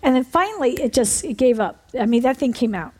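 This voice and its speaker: A woman preacher giving an animated sermon testimony, calling out to the congregation for amens. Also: high voice, fairly quick, breathy edge. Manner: animated storytelling, asks for amens.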